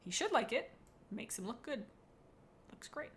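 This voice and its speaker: A woman's voice: on the high side, sing-song, measured pace, a little hiss or hum. A woman chatting on a live stream, rating viewers' cats, reading chat aloud in a bubbly, rambling, playful way.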